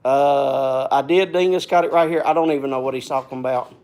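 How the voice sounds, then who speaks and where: A man's voice: medium pitch, brisk. A man hosting a live stream in casual chat, rambling, folksy and repetitive, sometimes working himself up. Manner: gets worked up then calms.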